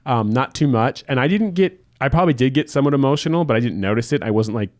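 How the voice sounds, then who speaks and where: A man's voice: medium pitch, animated, a little mellow, dry recording, studio quality. A man co-hosting a podcast in casual chat, rambling and restarting his sentences as he goes. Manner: quick, rambling, many restarts. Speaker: podcast co-host.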